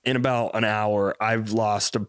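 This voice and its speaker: A man's voice: lowish voice, flat delivery, a little slow, fairly bright tone, smooth, no room sound, clean studio sound. A young man hosting a podcast, telling a story in a rambling, profane way and often tagging on "you know what I mean.". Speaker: podcast host. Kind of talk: casual comedic storytelling.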